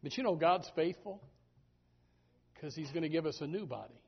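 A man preaching a sermon in a lively, animated manner, often stumbling over repeated words. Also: fairly high pitch, normal speed, a little hiss or hum. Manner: animated, repetitive restarts, voices sheep and God aloud. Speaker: pastor. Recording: dull lo-fi recording.

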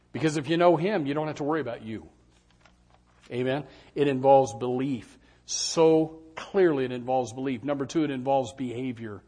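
Husky animated preacher man. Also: a little high. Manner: animated, acts out congregants' doubts in raised voices. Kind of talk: sermon.

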